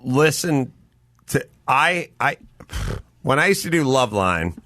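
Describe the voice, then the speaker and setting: Animated, bright-voiced male host. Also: medium pitch, unhurried, no echo, clean studio sound. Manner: animated storyteller, acts out dialogue. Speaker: podcast host. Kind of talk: casual comedic chat.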